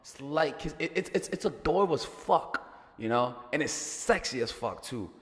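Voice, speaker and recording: A man's voice: fairly high pitch, lively intonation, moderate pace, fairly bright tone, big-room sound. A man giving casual dating advice as a coach, chatty and profane, repeating words and joking as he goes.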